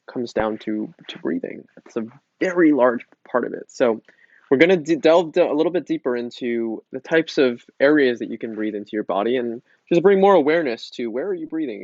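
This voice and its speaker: A man guiding a casual yoga breathing lesson in a relaxed, chatty way, joking around and restarting his sentences. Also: mid-range voice, no room sound, highs cut off. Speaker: yoga teacher.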